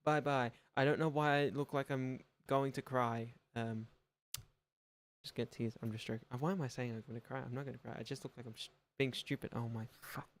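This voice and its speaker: A young man signing off his gaming livestream, rambling and self-deprecating, often trailing off into quieter mumbles. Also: medium pitch, fairly even intonation, a little fast. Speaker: gaming streamer. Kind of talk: casual livestream sign-off chat.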